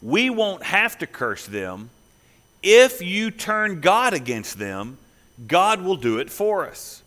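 A preacher putting on a glib, scheming false prophet who talks like a folksy salesman. The voice sits a little high, with a bright, forceful edge, and he makes his plan sound easy and tempting. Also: big pitch swings, slow, full character voice. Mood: conspiratorial. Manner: folksy, wheedling sales pitch.

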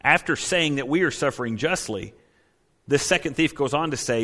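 A man preaching a sermon as pastor, conversational and emphatic, often checking in with his listeners and swinging between loud declarations and hushed asides. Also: medium pitch, moderate pace.

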